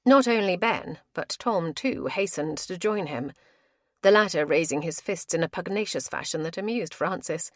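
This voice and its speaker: A woman narrating an audiobook in a measured storytelling manner. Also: lowish voice, lively intonation, dry recording, clean studio sound. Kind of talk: scripted narration.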